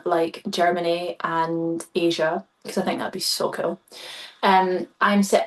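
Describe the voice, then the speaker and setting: A stage performer, a woman, chatting as a podcast guest, gushing and enthusiastic with many fillers. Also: mid-range voice. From Scotland. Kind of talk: casual podcast chat.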